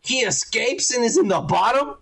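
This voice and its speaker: A man's voice: extremely high pitch, normal speed, gravelly, husky, poor audio. A man co-hosting a podcast, ranting in casual, profane review chat and acting out quotes along the way. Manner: animated, ranting, acts out quotes. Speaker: podcast co-host.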